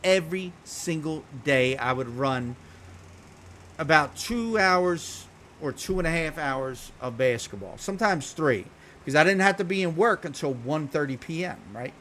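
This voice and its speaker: A man casually telling a long story while streaming a game, talking bluntly and swearing freely in an animated, unfiltered way. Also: fairly high pitch, a little slow, slight background noise.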